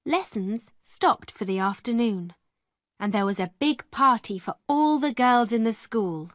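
A woman narrating a classic story for English learners in a slow, clear, expressive reading. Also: fairly high pitch, no room sound, clean studio sound.

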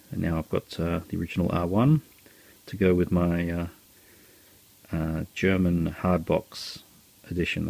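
Low-voiced man chatting casually. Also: vocal fry, dry recording. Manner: relaxed and chatty, lots of ums and uhs. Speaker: collector reviewing his film purchases. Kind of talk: casual video review.

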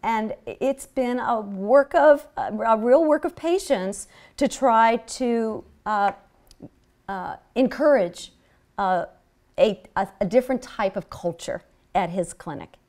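A woman's voice: on the high side, slow pace, a little mellow. A woman speaking at a public health seminar, telling stories from clinic work in an earnest way with frequent restarts. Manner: earnest storytelling with many restarts. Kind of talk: seminar lecture.

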